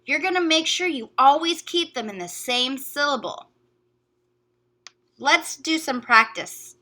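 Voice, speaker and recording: A woman teacher giving a recorded phonics lesson to young children, sounding out letters and words slowly and carefully. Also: high-pitched, lively intonation, bright, forceful tone.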